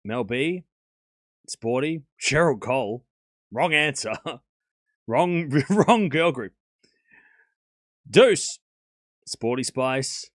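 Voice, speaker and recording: A man's voice: medium pitch, animated, drawn-out words, long pauses, fairly bright tone, no echo, clean studio sound. A man hosting a live tennis watchalong stream, mixing casual play-by-play with joking banter and frequent laughs. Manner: chatty, joking, laughs often, argues playfully with chat.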